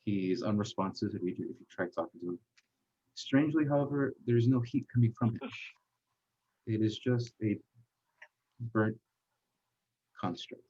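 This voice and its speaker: A man narrating as game master of a tabletop game, halting, with frequent pauses and fillers. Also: lowish voice, mellow. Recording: dull lo-fi recording.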